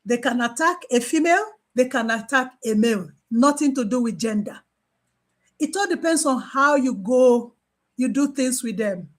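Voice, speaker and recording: A high-voiced woman talks at a normal speed in a casual training session drawn from her work as a mental health nurse. She's lively, drives points home by repeating key phrases, and role-plays her exchanges with patients.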